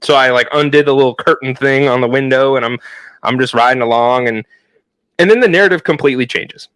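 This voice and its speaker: A man at a medium pitch with a bright, forceful tone tells a rambling story on a podcast. He talks casually and swears often. His voice sounds close and dry. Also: fast, smooth, no room sound. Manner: animated, profane storytelling with frequent fillers. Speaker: podcast co-host.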